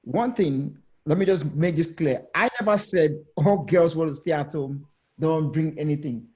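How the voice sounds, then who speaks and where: A man's voice: a little high, moderate pace, a little mellow, lo-fi sound. A man arguing his point on a video panel discussion, emphatic and direct, often repeating phrases and challenging listeners. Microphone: video call.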